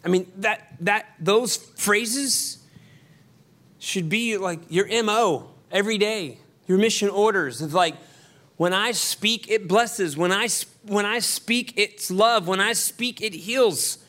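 A man preaching a sermon as pastor, conversational with quick asides and emphatic repetition. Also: high-pitched, sharp tone.

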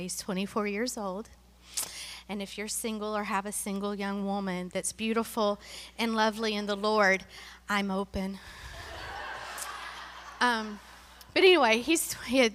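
A middle-aged woman from Tennessee giving an animated, emotional sermon-style testimony that drops to hushed asides. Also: medium pitch, in a large hall.

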